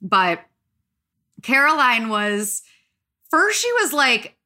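A woman's voice: a little high, very animated, slow pace, bright, forceful tone. A young woman hosting a podcast, chatting and gossiping casually with lots of fillers. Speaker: podcast host. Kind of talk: casual chat.

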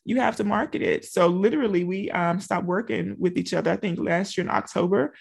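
A woman's voice: on the low side, brisk, vocal fry, a little mellow, slightly rough. A middle-aged woman from small-town Louisiana, a business coach talking casually and directly to her listeners with many asides. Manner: chatty, talks straight to listeners with frequent asides. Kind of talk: casual motivational talk.

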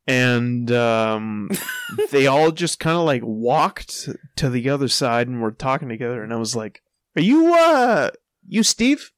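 A young man casually telling a profane anecdote, breaking into loud quoted calls and laughing as he goes. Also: medium pitch, measured pace, clear, resonant tone, no echo. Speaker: storyteller. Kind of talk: casual podcast storytelling.

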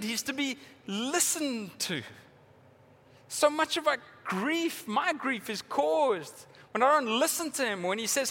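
A man preaching a sermon as pastor, moving from urgent, rising questions to quiet, tender passages. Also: very high voice, very animated, measured pace.

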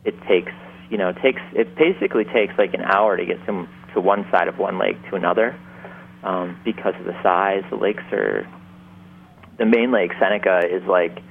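A man's voice: deep voice, normal speed, gravelly, slight background noise. A man from Upstate New York, a winemaker, talking casually in an interview with many fillers and restarts. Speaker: winemaker guest. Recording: tinny phone-like line.

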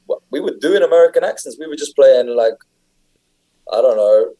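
A man's voice: mid-range voice, animated, moderate pace, dark tone, low-quality recording. A young English man chatting casually, telling stories with lots of fillers and restarts. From England. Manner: rambling, filler-heavy storytelling. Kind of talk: casual chat.

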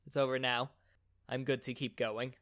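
A man doing a quiet, polite, shaken companion. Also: medium pitch, flat delivery, moderate pace, close to an everyday voice. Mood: subdued.

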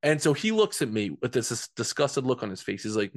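A man's voice: on the low side, big pitch swings, fast talker, no echo, clean studio sound. A man from New Jersey, a men's coach telling a personal story as a podcast guest, earnest and conversational, often repeating words.

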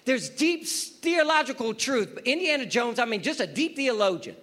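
A man's voice: very high voice, sing-song, normal speed, few pauses, bright, forceful tone. A man preaching a sermon, emphatic and repetitive, who keeps asking his listeners rhetorical questions. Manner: emphatic, repeats phrases, asks the audience rhetorical questions.

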